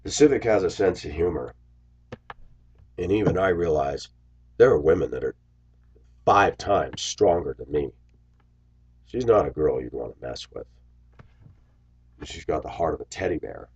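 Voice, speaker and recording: Man, husky low voice, animated storyteller, muffled lo-fi recording. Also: moderate pace, pauses often. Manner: animated, acts out quoted voices. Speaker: bus driver. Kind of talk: casual storytelling monologue. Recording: dull lo-fi sound.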